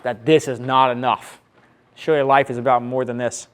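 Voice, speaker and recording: A man's voice: mid-range voice, little pitch movement, moderate pace. A man preaching a sermon as pastor, teaching earnestly, reading scripture and repeating key phrases for emphasis.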